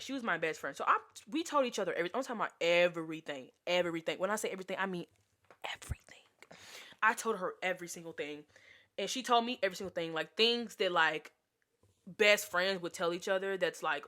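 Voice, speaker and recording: A woman's voice: on the low side, a bit bright. A young woman telling a casual storytime vlog, chatty and exasperated, with lots of filler words. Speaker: vlogger.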